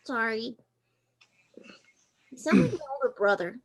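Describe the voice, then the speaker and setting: A woman's voice: a little high, lively intonation, a little slow. A woman playing a small, blunt young female squirrel adventurer in a tabletop role-play game. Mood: teasing.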